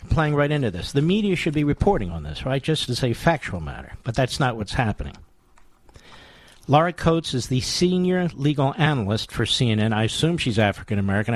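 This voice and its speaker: A man's voice: mid-range voice, dry recording. Combative male talk radio host. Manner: combative, sarcastic, emphatic. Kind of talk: opinionated talk radio monologue. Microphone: studio microphone.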